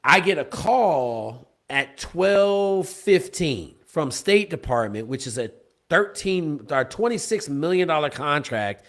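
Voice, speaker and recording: A man's voice: fairly high pitch, lively intonation, takes it slowly, a bit bright. A man, a podcast guest, telling a story emphatically and often checking in with "okay?". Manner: emphatic, punctuates with "okay?" and "bro". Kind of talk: animated storytelling in a conversation.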